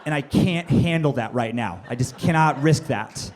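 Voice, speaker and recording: A man doing stand-up, telling a rambling, profane story with fillers and bursts of high yelling when he acts out moments. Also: animated, normal speed. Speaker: stand-up comedian. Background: audience laughter.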